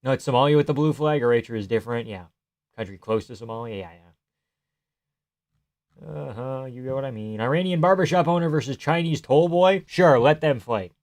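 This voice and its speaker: A male streamer talks casually on a live stream, answering his chat in a loose, rambling way with plenty of swearing and laughter. His voice sits at an ordinary middle pitch and sounds close and dry, with no room echo. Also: a little fast, darkish tone.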